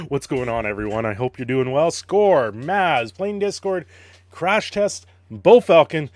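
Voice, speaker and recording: A man's voice: fairly high pitch, expressive, takes it slowly. A man casually chatting on a live stream, greeting viewers and playing with his dog, laughing often. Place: home.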